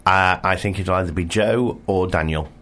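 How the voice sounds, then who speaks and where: A man's voice: deep voice, normal speed, crowd noise. A man co-hosting a radio show in a studio, chatting casually with a wry, teasing manner. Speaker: radio co-host.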